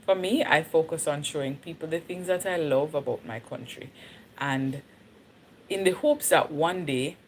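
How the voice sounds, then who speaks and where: A Jamaican woman with a low voice talks casually to viewers on a livestream, slipping into patois now and then. Faint noise sits behind her. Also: normal speed. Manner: chatty, switches into patois, laughs easily. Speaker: livestream host.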